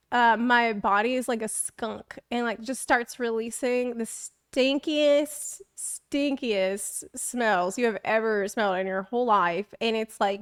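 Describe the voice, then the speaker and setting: A young woman streamer rambles through self-deprecating stories in a relaxed live chat, laughing often. Her voice is slightly high, smooth and clear, and she takes her time. The sound is dry and close. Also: dry recording. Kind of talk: casual chat.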